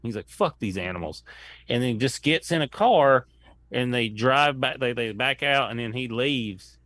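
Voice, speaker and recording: A man's voice: mid-range voice, a little slow, fairly bright tone, no echo. Man rambling through a comedy story. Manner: rambling anecdotes, acting out quoted lines. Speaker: comedian guest. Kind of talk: casual storytelling chat.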